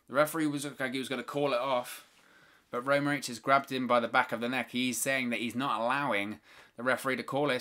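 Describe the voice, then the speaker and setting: A watch-along host with a bright, forward, mid-range voice calls a wrestling match live for his viewers. He narrates every move and breaks into opinionated, exasperated rants about the referees.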